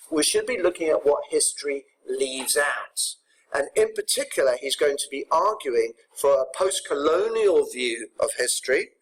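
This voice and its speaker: A man teaching English poetry to his students, explaining the poems briskly and checking in with tag questions. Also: on the high side, slightly rough, rough recording. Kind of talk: recorded poetry lesson.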